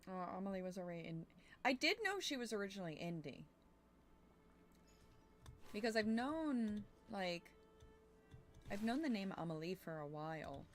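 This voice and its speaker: A woman's voice: mid-range voice, big pitch swings, normal speed, long pauses, faint music behind. A young woman streamer chatting casually while playing a game, thinking aloud and swearing now and then. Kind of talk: casual gameplay chat.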